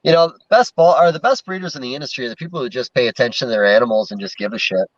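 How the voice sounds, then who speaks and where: A man's voice: mid-range voice, expressive, racing, no echo. A male podcast host chatting loosely, swearing and filling his speech with "um, you know.". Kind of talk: casual chat. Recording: dull, muffled lo-fi sound.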